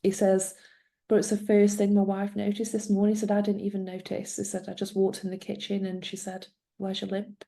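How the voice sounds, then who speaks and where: A middle-aged woman tells a story with a gravelly, mellow voice. She slips into the people she quotes as she goes. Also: medium pitch, a little fast. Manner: animated storyteller, acts out quoted dialogue. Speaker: guest, former social worker. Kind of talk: storytelling in a conversation.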